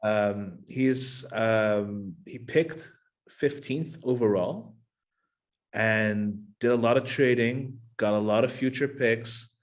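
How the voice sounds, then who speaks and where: A man's voice: lowish voice, slow pace. A man hosting a casual fantasy football podcast, asking his cohosts questions in a playful, joking way. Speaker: podcast host.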